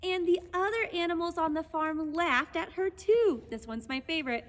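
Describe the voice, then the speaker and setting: A woman gently and patiently teaching children a lesson on horses and reading them a storybook aloud. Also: very high-pitched, moderate pace, long reverb tail. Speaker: children's horse program instructor.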